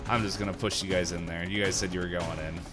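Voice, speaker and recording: A man's voice: low-pitched, fast, over music. A man running a tabletop horror game as game master, chatting casually with his players and laughing often. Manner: laughs often, relaxed and joking. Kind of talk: casual chat and game narration.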